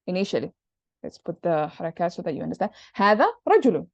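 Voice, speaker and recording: A woman's voice: lowish voice, very animated, quick pace, no echo. Woman patiently teaching grammar, dull dry audio. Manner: patient, explains step by step with examples. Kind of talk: online class explanation.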